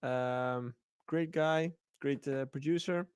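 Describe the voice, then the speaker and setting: Clear-voiced man hosting a casual livestream. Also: mid-range voice, takes it slowly, a little mellow, no echo, studio quality. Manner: playful, rambling with fillers. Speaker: livestream co-host.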